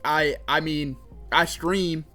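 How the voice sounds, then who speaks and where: A man's voice: a little high, fairly even intonation, takes it slowly, pushed and bright, faint music behind. A young man narrating a casual gaming commentary video essay, with frequent fillers like "like" and "kinda". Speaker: gaming content creator.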